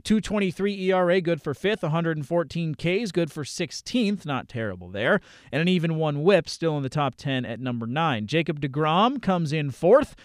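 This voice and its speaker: A man's voice: on the high side, animated, normal speed, no room sound. A man hosting a fantasy baseball show, reeling off player stats with dry little asides. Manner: rattles off numbers, dry asides. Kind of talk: stats rundown on a podcast.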